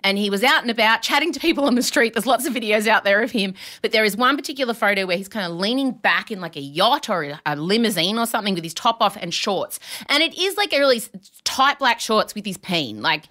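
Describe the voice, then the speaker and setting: An Australian woman in her forties, co-hosting a podcast and telling a story with lively acted-out voices in casual chat. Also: mid-range voice, fast, few pauses. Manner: animated storyteller, acts out voices. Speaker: podcast co-host.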